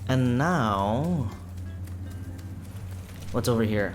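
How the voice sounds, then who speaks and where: A man's voice: medium pitch, normal speed, slight background noise. A man casually commenting on a video game playthrough, joking and offhand with frequent hesitant fillers. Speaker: let's play host. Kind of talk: gameplay commentary.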